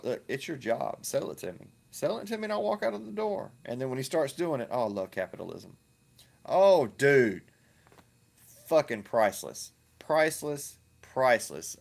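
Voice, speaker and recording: A man giving ranting reaction commentary, crude, profane and mocking, often repeating himself. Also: mid-range voice. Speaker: online video commentator.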